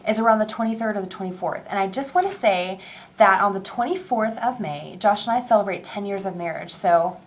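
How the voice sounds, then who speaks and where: A woman in her thirties talking openly in a casual personal video diary, rambling a little and quick to get teary. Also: mid-range voice, a little hiss or hum. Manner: chatty, candid, excitable, quick to tear up; rambling with many ums and restarts. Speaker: vlogger.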